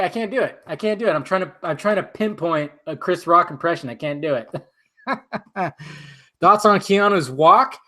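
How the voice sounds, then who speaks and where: A man's voice: high voice, animated, normal speed, a bit bright. A young man in a casual live stream who answers chat in a loose, profane way and laughs often, at home in front of a green screen.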